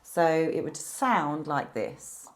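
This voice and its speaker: A woman with a slightly low voice teaches a beginner piano lesson. She walks through each symbol patiently, step by step, and explains it plainly. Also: lively intonation, slow. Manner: patient, explains clearly with examples.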